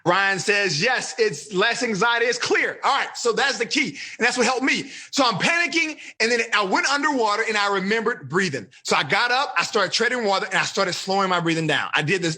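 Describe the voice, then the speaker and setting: A man leads a seminar for teenagers, firing quick questions at his audience and pushing ahead with energy. His voice sits high for a man, with a bright, forceful tone. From Texas. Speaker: life coach teaching teens. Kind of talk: live online seminar.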